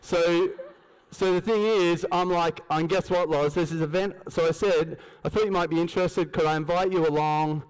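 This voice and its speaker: A man's voice: a little high, steady tone, normal speed, smooth. An Australian man giving a motivational stage talk at a business event, telling stories, acting out dialogue and asking the crowd questions. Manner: storytelling, acts out dialogue, asks the crowd questions. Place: large event hall, on stage. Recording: long hall reverb.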